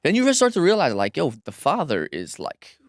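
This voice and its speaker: A man's voice: a little high, huge pitch swings, fairly quick, dry recording. Man, thirties, musician guest, candid talk, stammering restarts, dry close mic. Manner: emphatic, restless, frequent restarts and stammers. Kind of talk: casual candid conversation. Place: studio.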